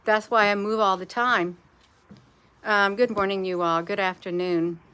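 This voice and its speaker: A woman chats in a loose, rambling way on a live stream, turning to her viewers often. Her voice is bright and forward, sitting at an ordinary middle pitch. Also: steady tone, measured pace, clean tone. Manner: rambling, chatty, addresses viewers as "you all". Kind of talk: casual live-stream chat.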